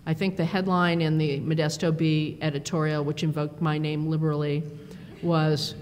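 A woman giving a conference talk, telling lively self-deprecating stories with quoted dialogue into a podium microphone. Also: normal speed. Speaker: conference speaker. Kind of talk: storytelling keynote speech. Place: large conference hall. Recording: reverberant hall with faint rumble.

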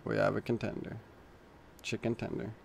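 A man's voice: lowish voice, normal speed, gravelly, slight background noise. Young man streaming a shooter game. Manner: swings from calm callouts to loud panicked yelling. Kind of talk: casual gaming chatter.

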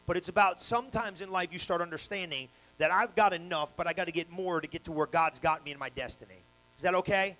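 A man preaching a sermon at a church service in a colloquial, storytelling way, full of slang, with energetic bursts that rise to loud peaks. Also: high-pitched, fast talker, low-quality recording.

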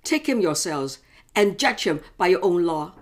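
A woman's voice: lowish voice, animated, moderate pace, natural voice. A woman reading an uneasy Roman governor. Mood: questioning. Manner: pointed, raised questions.

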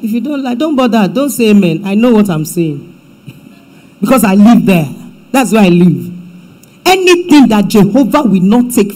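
A woman pastor with a Nigerian accent preaching a sermon in church, emphatic and swinging between loud declarations and hushed asides. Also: mid-range voice, big pitch swings, moderate pace, low-quality recording.

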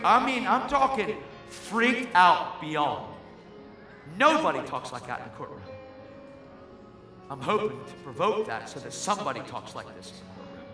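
A man preaching a sermon, telling a story with acted-out voices and building to shouts. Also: a little high, lively intonation, normal speed, pauses often. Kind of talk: sermon testimony. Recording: echoey hall with faint music.

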